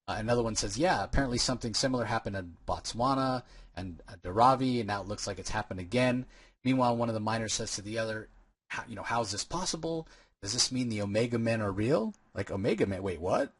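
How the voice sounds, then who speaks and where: Male podcast co-host, low husky voice, dry close sound, rambling casual recap. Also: a little fast. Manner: rambling retelling with many fillers and restarts. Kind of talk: casual comic book breakdown chat.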